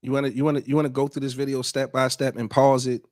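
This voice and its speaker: A man's voice: mid-range voice, little pitch movement, fast, a little mellow, no echo. Podcast host guy, chill and cussing, mid voice, dry mic. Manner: loose, laughing, profane, restarts often. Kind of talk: casual commentary on a video.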